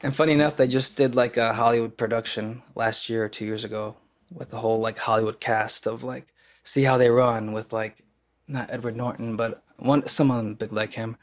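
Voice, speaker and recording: A man's voice: mid-range voice, steady tone, moderate pace. A young man from the US Midwest, an actor talking casually as a podcast guest, rambling with many fillers and restarts. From Kenosha, Wisconsin, US Midwest. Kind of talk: casual conversation.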